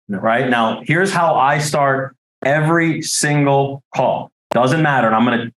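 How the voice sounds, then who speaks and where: A man giving a training talk to life insurance agents, direct and coaching, checking in often with "okay?" and "right?". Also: medium pitch. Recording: roomy echo.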